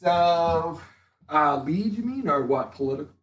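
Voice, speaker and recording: A man's voice: fairly high pitch, lively intonation, unhurried, roomy sound, dull audio. A man playing a tabletop role-playing game, chatting casually and slipping into speeches for his character. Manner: playful, slips into character speeches. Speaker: player.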